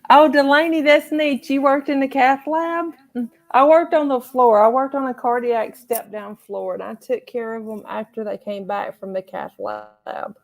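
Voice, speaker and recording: A woman's voice: high voice, moderate pace, creaky. A middle-aged woman hosting a casual livestream, chatting and reading viewer comments aloud. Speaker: livestream host.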